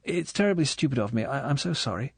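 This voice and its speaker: Give me a man playing a nervous, apologetic young woman, pitched up high and stammering. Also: animated, fast talker, gravelly, husky, dry recording. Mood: flustered.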